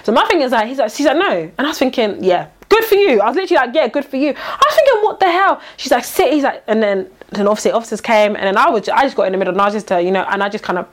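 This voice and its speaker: A young woman with a voice on the high side casually tells a story rapid-fire with few pauses. She's an animated storyteller who acts out the voices and quoted lines of the people involved, using British slang.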